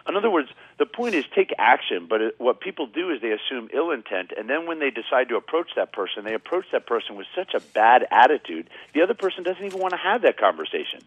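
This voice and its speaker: A man's voice: medium pitch, quick pace, hardly any pauses, slightly rough, no room sound. A man, a guest communication trainer, explaining on a radio show and acting out quoted people in his stories. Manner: animated storyteller, acts out quoted people. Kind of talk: radio interview, explaining with anecdotes. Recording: tinny phone line, dry.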